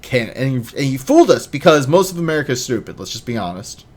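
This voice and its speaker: A man in his thirties hosting a casual podcast chat, jokey and animated, swinging between loud bursts and mumbles. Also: medium pitch, fast. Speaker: podcast host.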